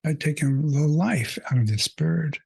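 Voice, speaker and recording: A mindfulness coach shares a personal story, his voice fairly high, husky and darkish, with vocal fry running through it. He speaks reflectively and haltingly, full of fillers, earnest and openly emotional.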